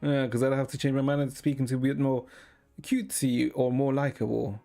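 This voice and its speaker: A man streaming and chatting with viewers in a deadpan, rambling way, swearing now and then. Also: medium pitch, fast talker, gravelly, soft background music. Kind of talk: casual chat with viewers.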